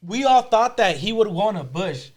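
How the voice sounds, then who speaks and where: A man's voice: high-pitched, lively intonation. A man co-hosting a podcast, rambling with many fillers and restarts. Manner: rapid, rambling, filler-heavy interjections. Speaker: podcast co-host. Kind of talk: casual chat.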